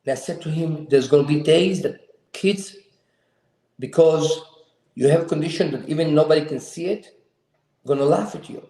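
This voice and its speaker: Male host, earnest storyteller, higher-pitched but warm tone, echoey room. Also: normal speed, long pauses. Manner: earnest, emphatic, slightly non-standard grammar. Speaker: show host. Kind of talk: heartfelt personal storytelling. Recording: roomy echo.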